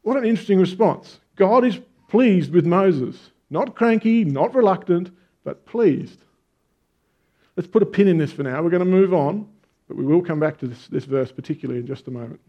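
A man's voice: high-pitched, lively intonation, a little fast. A man preaching a conversational sermon, telling stories with emphatic stresses. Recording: dull lo-fi sound.

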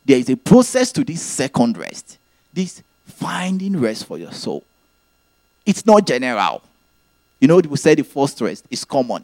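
A man's voice: medium pitch, darkish tone, no echo. A man preaching a sermon, teaching earnestly and repeating his key phrases.

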